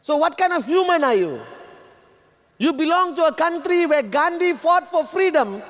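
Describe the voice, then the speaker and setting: Man, very high voice, motivational speech, long hall reverb. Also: lively intonation, moderate pace. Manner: emphatic, repetitive, sometimes shouting at the audience. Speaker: motivational speaker. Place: large event hall.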